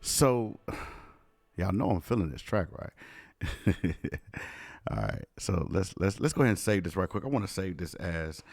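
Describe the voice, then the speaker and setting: A man's voice: low-pitched, very animated, measured pace, creaky, a little mellow, dry recording. A man music producer, casually talking viewers through a live studio session. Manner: casual, talks through his work with viewers.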